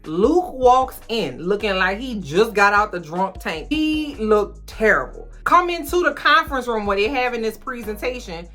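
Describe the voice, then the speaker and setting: Young woman, sassy slangy storyteller, casual film recap, soft music underneath. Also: fairly high pitch, lively intonation, moderate pace, hardly any pauses. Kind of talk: casual comedic movie recap.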